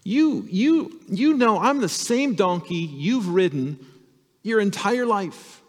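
A man's voice: high-pitched, animated, takes it slowly, long reverb tail, pitched above the performer's own voice, full character voice. A man voicing a meek talking male donkey who pleads and reasons with his rider. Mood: pleading. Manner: plaintive, reasoning.

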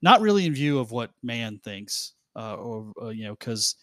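A man's voice: medium pitch, big pitch swings, moderate pace, fairly bright tone, no echo, studio quality. Laughing, rambling male podcast host. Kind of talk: casual chat.

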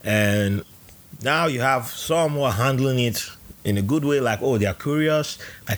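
A man's voice: mid-range voice, normal speed. A man from Nigeria, telling stories in a casual interview and acting out voices. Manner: animated storyteller who acts out voices. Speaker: podcast guest.

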